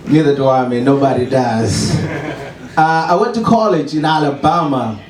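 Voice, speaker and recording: A man's voice: medium pitch, normal speed, echoey room, crowd noise. A man with a Zimbabwean accent performs wry, self-mocking stand-up at a small open mic. His voice is picked up from some distance and rings around the room. He chuckles now and then at his own lines. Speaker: stand-up comedian. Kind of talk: stand-up set.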